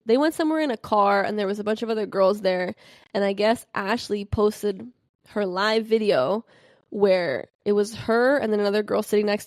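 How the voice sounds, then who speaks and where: A young adult woman hosting a casual podcast, telling gossip and stories animatedly and acting out quotes with big jumps in pitch. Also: a little mellow, no echo, clean studio sound. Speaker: podcast host. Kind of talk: casual chat about reality TV and celebrity gossip.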